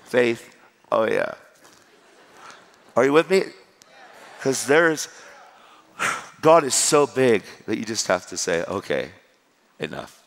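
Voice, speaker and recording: A middle-aged man preaching his personal testimony in a conversational style, swinging between loud and hushed. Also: medium pitch, big pitch swings, slow, gravelly, pauses often. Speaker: evangelist. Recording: long reverb of a large hall.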